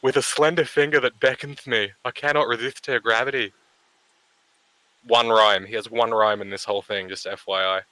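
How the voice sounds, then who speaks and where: Australian man with a bright, dry voice. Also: mid-range voice, no echo, rough recording. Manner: crude, teasing banter. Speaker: co-host on a group stream. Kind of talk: mocking dramatic poetry reading.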